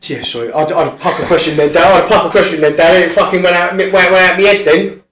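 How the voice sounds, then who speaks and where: A man's voice: high voice, steady tone, fast talker, reverberant, crowd noise. A man in casual podcast chat, giving short replies and prompting the other speaker on.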